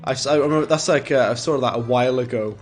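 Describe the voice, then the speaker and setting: Male streamer, mid-pitched, casual rambling play-by-play, chuckles at own jokes, faint game music behind. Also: fast talker. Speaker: gaming streamer. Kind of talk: casual gameplay commentary.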